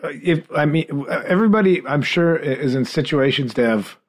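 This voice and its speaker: A man co-hosting a podcast who teases with quick questions and rambles through his own stories, often restarting his sentences. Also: fairly high pitch, lively intonation. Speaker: podcast co-host. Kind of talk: casual chat.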